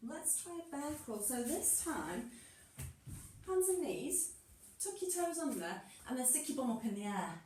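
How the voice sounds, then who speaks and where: A woman's voice: high voice, sing-song, unhurried, a little mellow, a little hiss or hum. Echoey, distant woman leading an exercise class. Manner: encouraging, playful, laughs often. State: a little out of breath. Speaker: movement class instructor. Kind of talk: guided exercise class instruction. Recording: echoey room, mic far off.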